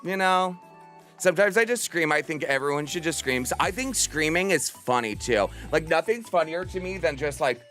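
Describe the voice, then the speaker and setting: A man's voice: fairly high pitch, expressive, normal speed, fairly bright tone, soft background music. A man in his thirties chatting casually with viewers on a livestream, bubbly and theatrical. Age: 30s. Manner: bubbly and theatrical, bursts into playful screams.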